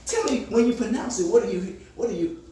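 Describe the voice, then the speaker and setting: Man, high voice, motivational counselor, asks the group to finish his lines, emphatic, distant mic, very echoey room. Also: lively intonation, fairly quick, dark tone, a little hiss or hum. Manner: emphatic, often raises voice. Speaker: counselor leading a group session. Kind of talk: motivational call-and-response teaching.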